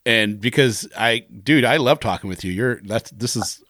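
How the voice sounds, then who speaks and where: A man's voice: medium pitch, normal speed, a bit bright, no echo, studio quality. A man co-hosting a podcast, enthusiastic and effusive with his guest. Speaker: podcast co-host. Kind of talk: casual podcast chat.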